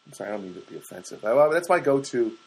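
A man's voice: medium pitch, sing-song, racing, vocal fry, breathy edge, poor audio. A man from the US East Coast talking casually in a rambling solo monologue, chatty and self-deprecating, often putting on comic voices for other people.

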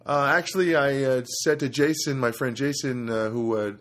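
A man's voice: medium pitch, steady tone, normal speed, fairly bright tone. Rambling middle-aged man hosting a podcast. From New Jersey. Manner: rambling, self-interrupting storyteller. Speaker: podcast host. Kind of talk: casual solo monologue. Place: studio apartment.

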